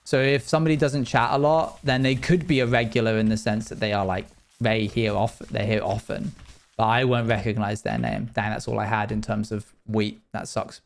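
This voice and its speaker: During a live stream, a young man talks casually with his audience as he plays, wandering off topic and frequently restarting sentences. His voice is lowish and gravelly, with a level tone at normal speed.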